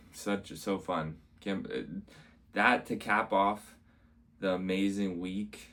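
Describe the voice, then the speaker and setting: A man's voice: low voice, a bit bright. A man who does stand-up comedy, casually recapping his week in a rambling way and repeating himself often. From Canada. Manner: rambling, repeats "amazing", acts out quotes.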